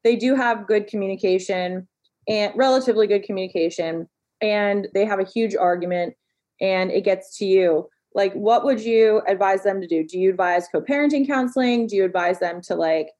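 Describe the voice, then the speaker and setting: A woman therapist in a casual podcast chat, animated and sarcastic as she tells stories. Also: mid-range voice, normal speed. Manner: animated, sarcastic, acts out quoted parents.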